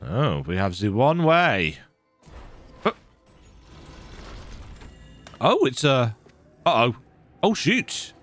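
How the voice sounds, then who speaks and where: A man's voice: medium pitch, big pitch swings, drawn-out words, long pauses, a bit bright. A man casually commenting while playing a game, muttering asides and joking to himself. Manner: playful, muttering asides and mock voices. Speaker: gaming channel host. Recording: faint game music behind.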